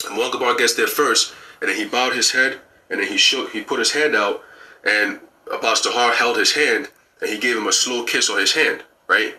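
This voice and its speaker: A man telling a dream story in a slangy, animated way, acting out what people said. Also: on the low side. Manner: slangy and animated, acts out quoted lines. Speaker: church member telling a dream. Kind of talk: casual storytelling.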